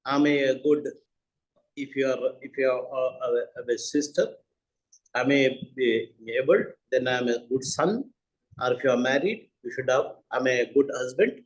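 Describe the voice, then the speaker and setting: An older man speaks at a webinar as a university founder. His pitch sits in the middle range, and his delivery is earnest, with key phrases repeated for weight. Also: moderate pace, poor audio. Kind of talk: speech at a webinar.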